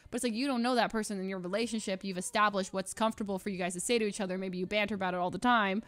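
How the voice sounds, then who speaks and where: A woman's voice: medium pitch, no room sound. A young woman streamer chatting casually with her viewers, rambling, laughing often and mimicking other people's voices.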